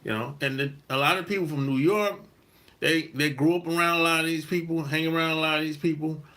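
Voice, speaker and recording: A man from South Carolina, hosting a podcast and telling a story in a blunt, emphatic monologue with cursing and drawn-out stresses. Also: fairly high pitch, fairly even intonation, pushed and bright. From South Carolina, USA. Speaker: podcast host. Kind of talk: casual monologue.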